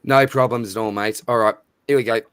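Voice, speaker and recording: A man's voice: mid-range voice, fairly even intonation, fairly quick, fairly bright tone, clear, resonant tone, dry recording, studio quality. A man with an Australian accent hosting a live stream in casual chat, matey and chatty as he reads out viewer names. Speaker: livestream host.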